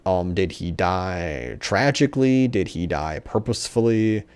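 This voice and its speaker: A man's voice: low voice, sing-song, a little slow, darkish tone, clean tone. Rambling, sarcastic young guy. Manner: rambling, filler-heavy, sarcastic. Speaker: movie reviewer. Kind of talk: casual, profane rant.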